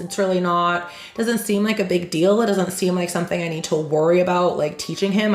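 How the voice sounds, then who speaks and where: A woman hosting a reaction channel who reads aloud and tells stories casually, frank and animated, acting out the people she quotes. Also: on the low side. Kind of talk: reading aloud then casual storytelling. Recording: echoey room with faint music.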